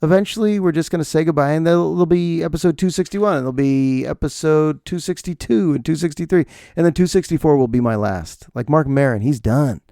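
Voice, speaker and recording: A man's voice: a little high, a little fast, gravelly, few pauses, warm tone, no echo, clean studio sound. A man in his forties hosting a solo podcast, chatting casually in a rambling, self-deprecating way. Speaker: podcast host.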